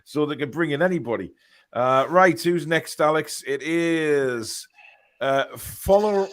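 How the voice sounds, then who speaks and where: A man's voice: a little high, expressive, takes it slowly. A man hosting a casual football show on a video call, talking hesitantly with many fillers and reading viewer comments aloud.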